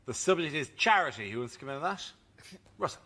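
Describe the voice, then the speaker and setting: A man hosting a panel show, announcing topics in a brisk, formal way. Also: a little high, expressive. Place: TV studio before an audience. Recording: loud laughing studio audience.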